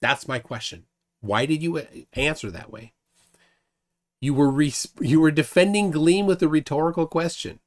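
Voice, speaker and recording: A man hosting a casual livestream, reading viewer comments aloud, often stammering and repeating words. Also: a little high. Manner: halting, stammering repeats, chuckles between thoughts. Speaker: livestream host.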